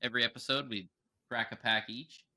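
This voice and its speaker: A young man co-hosting a podcast in casual chat, animated, often breaking into exaggerated impressions. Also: medium pitch, fairly quick. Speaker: podcast co-host.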